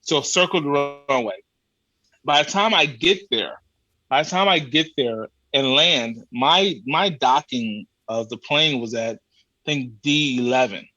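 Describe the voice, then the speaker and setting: A man's voice: medium pitch, dry recording, dull audio. A man guesting on a podcast, telling a comic travel story in a loose, colloquial way and acting out the people he dealt with. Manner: animated storyteller, acts out exasperated exchanges; colloquial, swears casually. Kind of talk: comic travel anecdote in casual chat.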